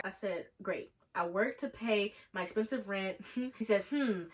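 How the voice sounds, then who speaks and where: Young woman, vlogger, storytime, sarcastic, animated, mid pitch. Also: measured pace. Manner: animated, sarcastic, jumps into mocking quoted voices. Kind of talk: storytime vlog.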